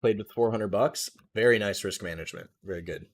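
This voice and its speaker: Relaxed low-voiced man streaming trades. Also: a little fast. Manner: relaxed, jargon-heavy, thinking aloud. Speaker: trading livestream host. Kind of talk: casual live market commentary.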